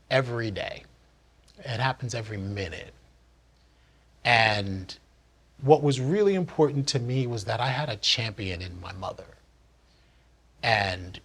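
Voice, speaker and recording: A man with a husky, slightly breathy voice, sitting a little low in pitch, tells a true personal story in one take. He speaks earnestly and candidly, reflective rather than showy.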